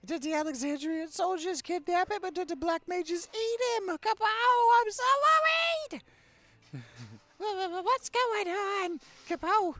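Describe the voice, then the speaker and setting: A man's voice: very high voice, expressive, a little slow, pushed and bright, pitched above the performer's own voice, exaggerated voice. A man voicing a small, panicky moogle creature in a video game, squealing shrilly. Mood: panicked.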